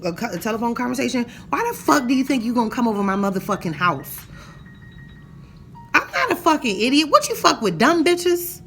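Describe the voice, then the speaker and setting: Young woman, heated profane rant, higher voice, faint music. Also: fairly bright tone. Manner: blunt, profane, heated and emphatic. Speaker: vlogger. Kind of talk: ranting storytime vlog.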